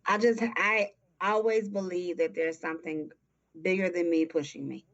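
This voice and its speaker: A woman in her early forties with a Southern accent from Texas, a guest speaking earnestly and slowly in an interview. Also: fairly low pitch, fairly even intonation. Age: early 40s. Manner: earnest, heartfelt, slow and emphatic. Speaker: guest, nonprofit founder. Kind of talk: interview conversation. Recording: dull lo-fi audio.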